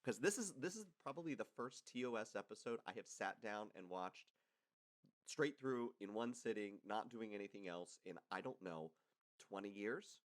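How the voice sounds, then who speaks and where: A man co-hosting a podcast in casual chat, making teasing deadpan jokes. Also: lowish voice, normal speed. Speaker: podcast co-host.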